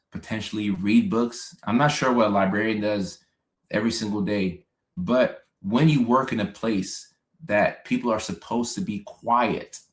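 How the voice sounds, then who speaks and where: A young man hosts a relaxed livestream and chats through viewer comments. He laughs often and repeats himself in a low voice. His voice carries a roomy echo. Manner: chatty and laid-back, laughing often, repeating phrases. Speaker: host. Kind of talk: casual livestream chat reading viewer comments.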